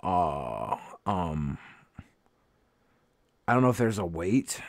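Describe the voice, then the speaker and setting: A man's voice: sits low, big pitch swings, very slow, long pauses, dry recording. A tired man rambling and joking about himself as he chats casually with viewers on a live stream. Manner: rambling, self-mocking, swearing. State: tired and grumpy. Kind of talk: casual livestream chat.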